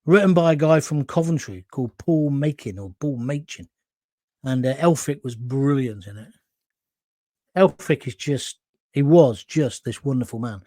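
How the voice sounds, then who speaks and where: A man's voice: mid-range voice, animated, normal speed, darkish tone, dry recording, studio quality. A middle-aged man hosting a live talk show, chatting through viewer comments and wandering into anecdotes.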